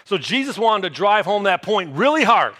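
A man preaching a sermon, telling a Bible story with lively storytelling and acted-out reactions. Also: sits high, moderate pace. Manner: animated storytelling, acts out disciples' reactions. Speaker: pastor.

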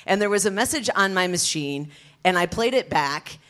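A woman, telling her personal testimony in an earnest, expressive storytelling way. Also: medium pitch, moderate pace. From Detroit area, USA. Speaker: speaker sharing her testimony.

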